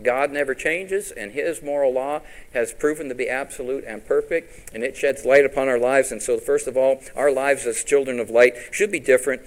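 A middle-aged man preaching a sermon as pastor, lively and throwing rhetorical questions at his congregation. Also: mid-range voice, moderate pace, hardly any pauses, poor audio.

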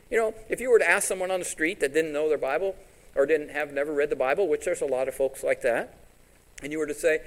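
A man's voice: on the high side, quick pace, poor audio. Man preaching a conversational sermon. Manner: conversational, asks the congregation questions; paraphrases scripture in quoted voices. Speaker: pastor.

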